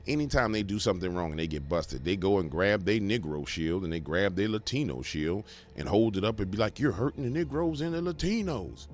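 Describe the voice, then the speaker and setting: A man's voice: low voice, lively intonation, brisk, few pauses, a little hiss or hum. A man hosting a political commentary show, ranting emphatically with rhetorical questions. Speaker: commentary host.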